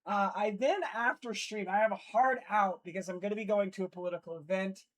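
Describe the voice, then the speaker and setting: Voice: medium pitch, steady tone, brisk. Groggy streamer, restarting flubbed lines. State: drowsy, just woken up. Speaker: livestream host reading news. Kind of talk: casual livestream chat and news read-out. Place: indoor streaming setup in Los Angeles. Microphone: streaming mic with noise cancellation.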